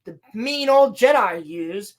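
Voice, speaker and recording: A woman's voice: mid-range voice, lively intonation, slow pace. A woman hosting a podcast, recapping a TV episode in a sarcastic, profane, mocking way. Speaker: podcast host reviewing a TV episode.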